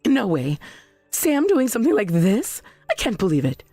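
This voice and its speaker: A woman's voice: mid-range voice, huge pitch swings, moderate pace, mellow, dry recording, faint music behind. A woman voicing an indignant, defensive middle-aged mother in a text-message story drama. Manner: indignant, demanding.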